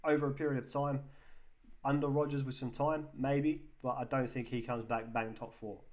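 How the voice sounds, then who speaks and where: A man's voice: medium pitch, little pitch movement, normal speed. English man hosting a football stream. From England. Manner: chatty, reads out viewer comments and answers them. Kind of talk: casual live-stream chat reading comments.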